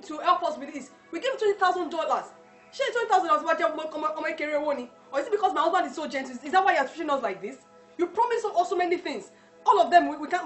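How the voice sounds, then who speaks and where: A woman's voice: very high voice, fairly bright tone. A woman with a Nigerian accent playing a desperate immigrant wife who scolds and pleads in a film drama, slipping into Yoruba. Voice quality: emotional, mixes in Yoruba phrases. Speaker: Nigerian wife stranded in America. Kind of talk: church film drama acting.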